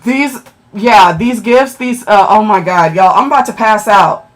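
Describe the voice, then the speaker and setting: A woman chatting on a livestream, excitable and emotional as she thanks viewers for gifts and checks her ranking. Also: medium pitch, unhurried.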